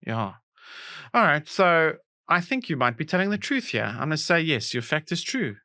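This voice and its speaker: A man's voice: fairly high pitch, big pitch swings, normal speed, pushed and bright, no room sound, clean studio sound. A man co-hosting a casual comedy podcast, musing aloud and guessing. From South Africa. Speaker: podcast co-host.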